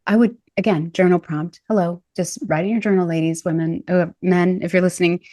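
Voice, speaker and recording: A woman's voice: on the low side, steady tone, brisk, warm tone, no echo, clean studio sound. A woman in a casual podcast conversation who talks animatedly, laughs often and acts out what people said. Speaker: podcast host and body image coach.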